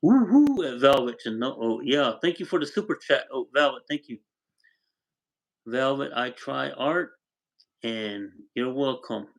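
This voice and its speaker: An older man from Arizona talks at an ordinary, middle pitch while hosting a casual livestream from his home. He rambles through long stories in an easygoing way. He keeps stopping to thank viewers by name. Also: animated, a little slow, low-quality recording. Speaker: livestream host. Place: home with a wood stove.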